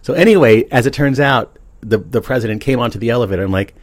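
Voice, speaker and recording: A man hosting a podcast, talking to himself in a relaxed, chatty, self-amused way. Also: medium pitch, fast. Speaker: podcast host. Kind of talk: casual rambling monologue.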